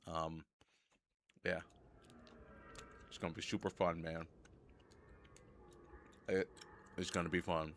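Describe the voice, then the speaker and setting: A hoarse, sick young man streaming live gameplay, chatting casually and rambling, often repeating himself. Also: low voice, little pitch movement, slow, pauses often, a little hiss or hum. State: hoarse from a cold.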